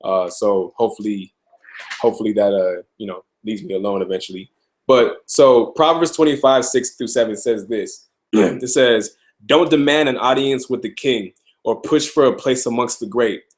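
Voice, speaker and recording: A young man from Arizona, a little sick and often clearing his throat, chatting loosely with viewers in a live Q&A, full of ums and restarts. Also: lowish voice, normal speed. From Tucson, Arizona. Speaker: rapper answering viewer questions. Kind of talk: casual live Q&A stream.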